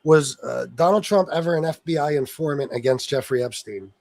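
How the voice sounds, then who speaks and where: A man's voice: on the high side, fairly quick, gravelly, darkish tone, no echo. Angry profane man ranting to chat. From Sicilian heritage. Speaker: political livestream host. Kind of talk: livestream commentary reading chat.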